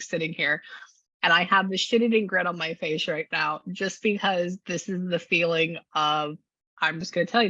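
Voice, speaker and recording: Chatty gushing woman medium, bright voice. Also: on the low side, no echo, lo-fi sound. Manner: chatty, gushing, restarts often. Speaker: psychic medium. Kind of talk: casual reading session.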